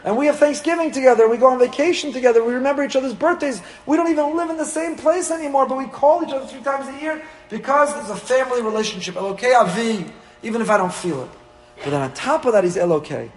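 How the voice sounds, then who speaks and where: A man, a rabbi, teaching a weekly Torah class in an animated way, acting out little dialogues with humor. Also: very high voice, fast. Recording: long hall reverb.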